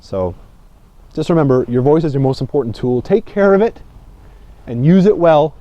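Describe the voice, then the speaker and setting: A man teaching public speaking in a relaxed, chatty way, often checking in with his listeners. His voice is warm and mellow, and his pitch swings up and down as he makes points. The recording sounds a little dull and lo-fi. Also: moderate pace, no echo. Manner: conversational, keeps checking in with "okay?", dips low and quiet to make points. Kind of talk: casual video lesson.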